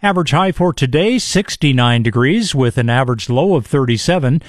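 A man hosting a morning radio show, reading temperatures and readings in a steady, matter-of-fact way. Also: mid-range voice, fairly quick, no room sound, studio quality. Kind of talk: radio weather and temperature rundown. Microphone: studio microphone.

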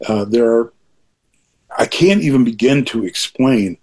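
Older man, husky, animated pitch, earnest rambling talk, reflective chat guest. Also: unhurried. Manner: rambling, earnest, with frequent restarts. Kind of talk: reflective conversation.

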